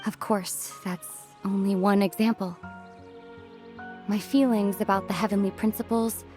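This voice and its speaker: A woman voicing a calm young traveler in a game cutscene, speaking softly and thoughtfully in a measured way. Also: mid-range voice, faint music behind, lightly acted. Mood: wistful. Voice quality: soft, hushed, contemplative. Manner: measured, reflective, gently questioning. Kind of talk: video game cutscene dialogue.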